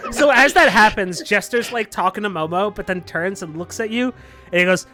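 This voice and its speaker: High, bright young game master. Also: male voice, normal speed, soft background music. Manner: easygoing, laughing often. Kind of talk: narrating a tabletop game.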